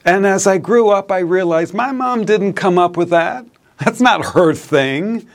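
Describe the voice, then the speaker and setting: A man's voice: high voice, a little slow. A man, a priest, preaching a sermon in a storytelling manner and laughing at his own anecdotes.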